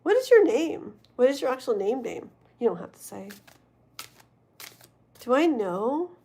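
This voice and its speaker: A woman's voice: mid-range voice, creaky, dark tone. A young woman, tired and yawning, chatting casually and rambling with her live chat between tarot readings, laughing often. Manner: rambling, giggly, talks to chat. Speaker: livestream tarot reader.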